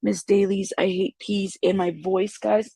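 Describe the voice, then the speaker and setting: Sick-sounding woman w/ a raspy fry, chatting to her stream, dry room. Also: mid-range voice, little pitch movement, unhurried, warm tone, no echo. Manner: rambling, greets chat viewers. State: congested from a cold. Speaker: YouTube news host. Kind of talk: casual livestream commentary.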